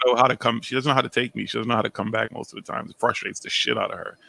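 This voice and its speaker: A man's voice: mid-range voice, steady tone, very fast, creaky, over a noisy crowd. A man hosting a casual group voice chat, teasing his friends with crude banter. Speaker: host of a live stream chat.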